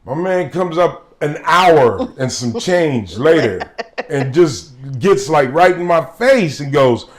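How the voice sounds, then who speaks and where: A guest comedian telling a profane, animated story on a podcast, laughing as he goes. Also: a little high, slow.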